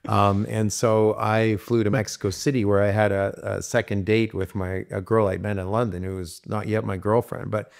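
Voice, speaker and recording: A man with a low, gravelly voice tells stories at length in an interview. He rambles and restarts often, with lively turns when he acts out what was said. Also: normal speed, hardly any pauses. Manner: rambling, animated storyteller with many restarts. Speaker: guest. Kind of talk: casual interview storytelling.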